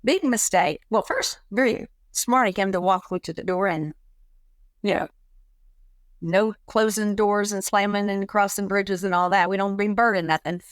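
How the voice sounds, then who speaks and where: A middle-aged woman talking in a relaxed chat, telling a personal story and acting out the voices of people in it. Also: medium pitch, moderate pace, no room sound. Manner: animated, acts out quoted dialogue. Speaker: guest.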